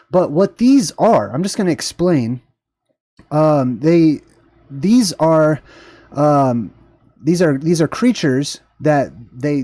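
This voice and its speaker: Rambling, enthusiastic man with a dry, mellow voice. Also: a little high, no echo. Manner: rambling and enthusiastic, many fillers and restarts. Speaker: host. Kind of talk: casual livestream commentary.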